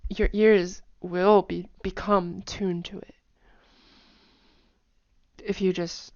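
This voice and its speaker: A woman's voice: on the low side, little pitch movement, slow pace, darkish tone, no echo, muffled recording. Chatty woman explaining tones, dry sound. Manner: chatty, many fillers, hums and sings tone patterns. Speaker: language teacher. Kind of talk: casual explanatory lesson.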